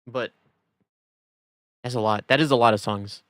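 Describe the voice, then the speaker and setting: A man's voice: medium pitch, fairly even intonation, a little slow, fairly bright tone, dry recording, studio quality. A man streaming a game, chatting casually and rambling with many fillers. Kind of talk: casual gaming stream chat.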